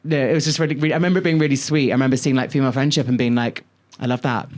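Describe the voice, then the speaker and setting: Brief: male podcast co-host, animated and sweary, chatting casually in a studio. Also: medium pitch, rapid-fire. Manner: animated, swears freely, storytelling. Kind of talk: casual chat.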